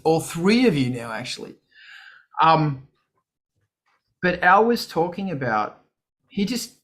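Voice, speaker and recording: A man hosting a live stream, chatting casually to viewers, swearing freely and acting out what others said. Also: mid-range voice. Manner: animated, swearing, quoting others in put-on voices. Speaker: livestream host. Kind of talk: casual chat to a live audience.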